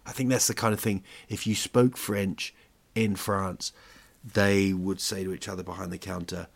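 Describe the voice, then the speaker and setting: A man's voice: lowish voice, vocal fry. A man hosting a podcast in a casual, jokey, rambling monologue full of fillers. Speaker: podcast host.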